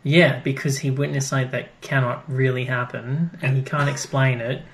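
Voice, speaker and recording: A man's voice: mid-range voice, flat delivery, normal speed, creaky. A man co-hosting a podcast, casually recapping an episode and acting out the characters' lines as he retells it. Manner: chatty, acts out characters' lines while retelling. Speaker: podcast co-host.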